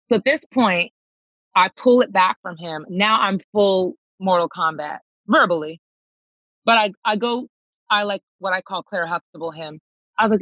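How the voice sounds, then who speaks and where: Emphatic husky woman telling a story. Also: mid-range voice, moderate pace, fairly bright tone, dry recording, muffled recording. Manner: emphatic, reenacts dialogue, calls listener girl. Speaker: touring singer. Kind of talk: animated personal storytelling.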